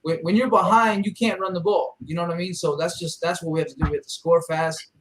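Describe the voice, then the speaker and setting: A man co-hosting a casual sports chat in an animated way, repeating points and saying "you know what I mean.". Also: fairly high pitch, fast talker, a little hiss or hum, rough recording. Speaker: co-host.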